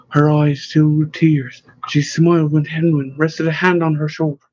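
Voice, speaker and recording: A man with a husky, somewhat high voice tells the story in a steady, even way. The read is close and dry, with a slightly muffled recording. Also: normal speed, few pauses, dry recording. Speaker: audiobook narrator. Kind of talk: audiobook narration.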